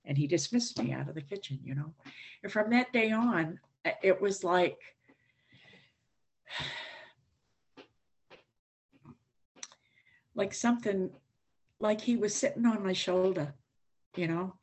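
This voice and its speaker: A woman's voice: mid-range voice, takes it slowly, pauses often, breathy edge. An older woman giving a recovery talk to a meeting, telling her story in a plain, candid way with a dry wit. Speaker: AA speaker. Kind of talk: recovery share.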